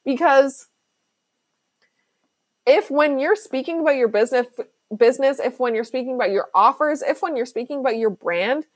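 A chatty woman hosting her own podcast, talking business coaching in a loose, slangy way with lots of "like." Her voice sits a little high, and the sound is close and dry with no room around it. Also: normal speed, no echo. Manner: chatty, fillers like "like", slangy and emphatic. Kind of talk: casual solo podcast talk.

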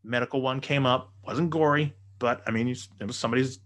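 A man spinning a story in loose podcast banter. He swears freely and keeps the energy up, jumping in and out of quoted voices. His pitch sits in the middle. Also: fast. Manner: profane, animated storyteller. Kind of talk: casual chat, storytelling.

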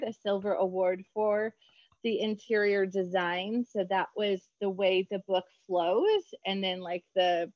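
A woman children's book author chatting in an interview, bubbly and quick to laugh. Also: mid-range voice, no echo, dull audio. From United States. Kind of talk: casual interview chat.

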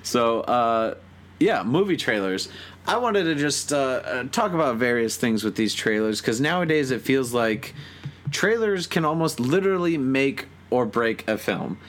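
A man's voice: mid-range voice, sing-song, measured pace, a bit bright, a little hiss or hum. A man hosting a podcast, chatting casually with a guest, laughing and using lots of fillers. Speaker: podcast host.

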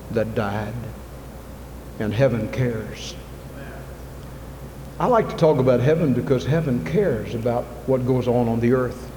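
A man preaching a sermon in a church, moving from soft, intimate asides to loud, fervent appeals. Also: medium pitch. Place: church sanctuary. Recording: long reverb, faint ambient noise.

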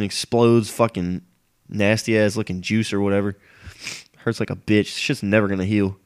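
A man's voice: medium pitch, smooth. A young man who is sick and sniffling, hosting a casual solo rant in a profane, griping, rambling way. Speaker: podcast host.

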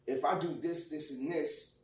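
Animated man telling a story, off-mic. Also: a little high, unhurried, echoey room, far from the mic. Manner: animated, profane, acts out quotes loudly. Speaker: guest. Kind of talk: casual storytelling.

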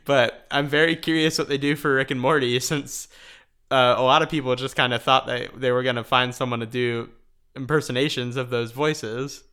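A man co-hosting a podcast in casual chat, laughing often and filling pauses with ums. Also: medium pitch, fairly even intonation, pushed and bright, clean tone. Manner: chatty, laughs often, many fillers. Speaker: podcast co-host.

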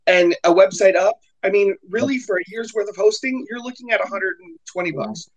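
A man hosting an online group call, talking casually in halting bursts with many repeated words, his voice worn after illness. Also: high-pitched, dull audio. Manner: halting, repeats words, offers help eagerly. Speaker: host. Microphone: computer mic on an online call.

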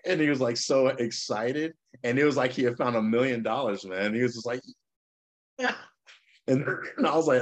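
Male podcast co-host, laid-back storyteller, jumps high for quoted voices. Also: normal speed. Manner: animated storyteller, acts out quotes in a raised voice. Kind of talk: casual storytelling chat.

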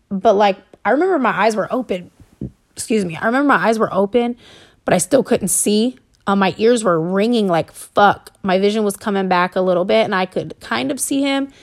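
A woman recounts her own life on her podcast in a loose, unscripted monologue. Her voice carries a steady gravelly fry, and her talk is halting, packed with fillers and blunt swearing, pitched around the middle for a woman. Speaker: podcast host. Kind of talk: personal storytelling monologue.

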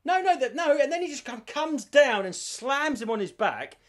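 A man co-hosting a podcast, telling stories in an animated casual chat and swearing freely. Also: very high-pitched, normal speed. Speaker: podcast co-host.

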